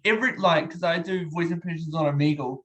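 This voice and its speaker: A man's voice: a little high, quick pace, background noise. A man from New Zealand hosting a casual interview, upbeat and playful as he prompts games. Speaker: podcast host.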